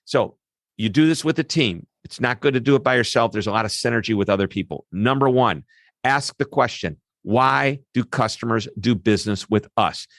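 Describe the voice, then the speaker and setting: Lively man explaining expertly, dry sound. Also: mid-range voice, no room sound. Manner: animated, lively explainer with quick asides. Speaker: customer service expert guest. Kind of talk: interview answers.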